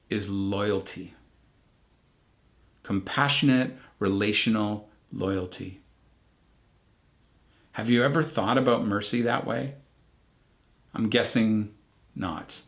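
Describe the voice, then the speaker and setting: A man, a pastor, delivering a recorded online sermon in a measured, reflective way with emphatic pauses. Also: on the low side.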